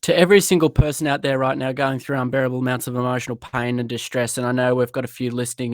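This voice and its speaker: Flat-voiced Australian man hosting. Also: medium pitch, dry recording. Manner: earnest, halting with fillers. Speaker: podcast host. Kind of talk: live-streamed interview.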